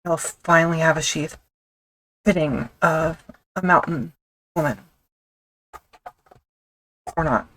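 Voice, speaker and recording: A woman with a notably low voice gives an offhand, self-mocking commentary as she stitches leather. She murmurs half to herself between remarks, with a faint hiss of noise underneath. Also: slow, long pauses, a bit bright, poor audio. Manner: wry, mutters to herself as she works. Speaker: leatherworker streaming her craft. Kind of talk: casual running commentary while working.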